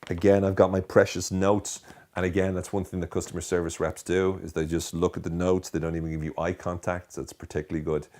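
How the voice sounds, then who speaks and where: An Irish man in his thirties hosting a comedy monologue, talking in a bored, deadpan, sarcastic drawl. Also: low voice, fast talker. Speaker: host.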